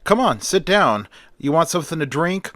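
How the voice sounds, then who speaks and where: A man's voice: fairly high pitch, big pitch swings, normal speed, fairly bright tone, no room sound, pitched above the performer's own voice. Earnest eager young man as a storyteller puts him on, dry close sound. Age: young adult.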